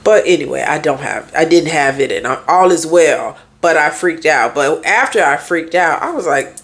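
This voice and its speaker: A woman's voice: sits low, expressive, moderate pace, fairly bright tone. A woman therapist and life coach talking candidly in a casual podcast monologue, firing off rhetorical questions to her listeners.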